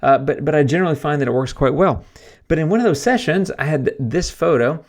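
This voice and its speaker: A man's voice: a little high, expressive, fairly quick. A man hosting a casual photo-editing tutorial, chatty and self-deprecating, thinking aloud with frequent fillers. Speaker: photography YouTuber.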